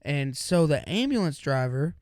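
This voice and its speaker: A young man on a podcast, casually telling a story and slipping into the voices of its characters. His voice sits a little high. The sound is dry and close, with no room around it. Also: moderate pace, dry recording. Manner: animated storyteller acting out quotes. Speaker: podcast co-host.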